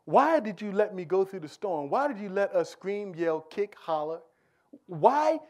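High-voiced preacher swinging hush to shout. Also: male voice, big pitch swings, unhurried. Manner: rhetorical questions, repetitions. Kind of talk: sermon.

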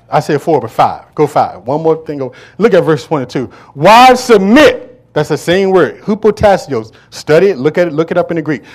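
A male pastor preaching in a church service, his voice sitting fairly high for a man. He throws questions to the congregation and waits for them to complete each phrase. He drops into low, joking asides between loud, ringing declarations. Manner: call-and-response preaching, asks congregation to fill in words. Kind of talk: sermon.

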